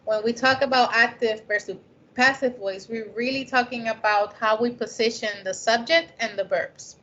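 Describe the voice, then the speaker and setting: A woman's voice: fairly high pitch, steady tone, moderate pace, a bit bright. A woman whose first language is not English gives a conversational lecture on scientific writing, often checking in with "right?". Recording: dull lo-fi recording.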